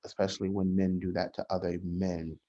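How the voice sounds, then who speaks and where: A man, a social worker, talking in a casual podcast conversation, measured and often restarting his sentences. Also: sits low, level tone, dark tone. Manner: measured, frequent restarts and hesitations. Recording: dull lo-fi sound.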